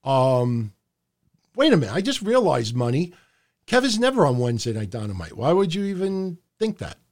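Middle-aged guy ranting on his live stream, swears a lot, kinda high voice, all over the place. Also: moderate pace. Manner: animated, profane, rambling. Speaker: podcast host. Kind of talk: casual live-stream commentary. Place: home room under hot lights.

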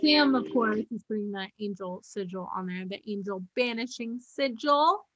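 A young woman giving chatty, excitable commentary as she reacts to a TV show, laughing often. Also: mid-range voice, moderate pace, slightly rough, dull audio.

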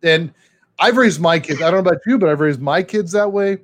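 A man in his forties with a slightly higher-pitched voice co-hosts a casual podcast. He tells brisk stories and acts out the people in them. He grew up in Southern California. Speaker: podcast co-host. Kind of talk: casual anecdotal chat.

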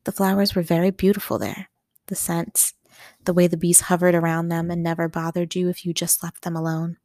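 A woman voicing a reserved adult housemaid who speaks quietly and guardedly. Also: lowish voice, flat delivery, brisk, no echo, studio quality, close to an everyday voice.

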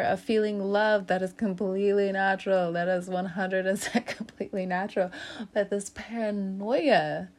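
A woman's voice: medium pitch, a little mellow. Chatty woman giving a tarot reading. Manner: chatty, laughs often, calls the listener fam and homie. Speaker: tarot reader. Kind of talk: casual tarot reading to camera.

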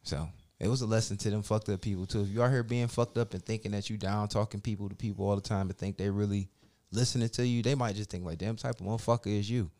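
Low-voiced male host, casual and profane storyteller who animates his quotes. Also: steady tone, fast talker, darkish tone. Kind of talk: casual chat.

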